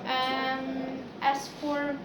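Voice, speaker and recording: A woman's voice: sits high, monotone, very slow, background noise. A woman from Ukraine giving a chatty, anecdotal talk to a class as a guest speaker, with many fillers like "like" and "yeah". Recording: echoey classroom with students.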